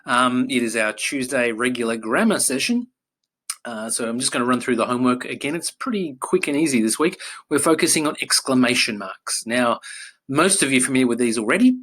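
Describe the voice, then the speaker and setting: A male primary school teacher talking through a grammar lesson in a relaxed, chatty way, with fillers and self-corrections, and now and then acting out exclamations in a sudden loud, high voice. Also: fairly quick, breathy edge.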